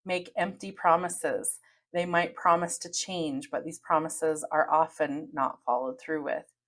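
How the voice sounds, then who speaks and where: A woman with a notably low-pitched voice talks straight to her listeners as a podcast host. She speaks in an earnest, steady way, like someone giving advice from experience. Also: a little slow. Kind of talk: advice monologue.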